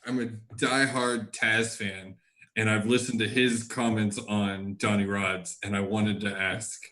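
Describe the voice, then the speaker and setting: A man's voice: on the low side, flat delivery, measured pace, bright, forceful tone. A man co-hosting a casual podcast, chiming in as an eager fan.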